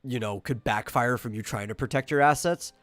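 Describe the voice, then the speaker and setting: A man's voice: mid-range voice, fairly quick, fairly bright tone, no room sound. A man co-hosting a casual online talk show, chatty and opinionated, often repeating words as he starts. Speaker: podcast co-host. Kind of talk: casual chat.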